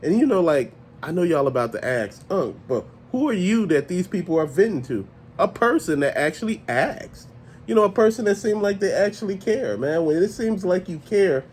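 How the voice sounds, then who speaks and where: A man hosting a casual vlog, ranting in an animated, profane, conversational way and often laughing as he talks. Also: high voice, a little hiss or hum. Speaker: toy channel host.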